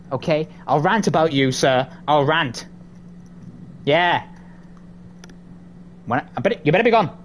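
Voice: mid-range voice, a little hiss or hum. Jittery, swearing horror-game player. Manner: profane, taunting, jittery. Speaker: gamer playing a horror game. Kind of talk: let's play commentary. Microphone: desk microphone.

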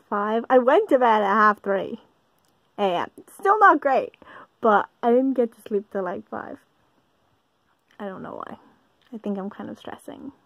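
Young Irish woman, twenties, vlogger talking from bed, a little high-pitched, chatty and self-deprecating. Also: gravelly. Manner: rambling, self-deprecating, full of fillers. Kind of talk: casual chat to camera. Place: bedroom, in bed.

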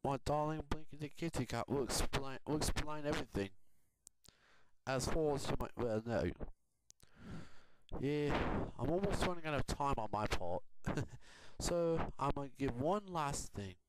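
A man from Houston giving a rambling, chatty update vlog from a quiet home, laughing often. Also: medium pitch, lively intonation, a little slow. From Houston, Texas. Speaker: video blogger. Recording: noisy home recording with clicks.

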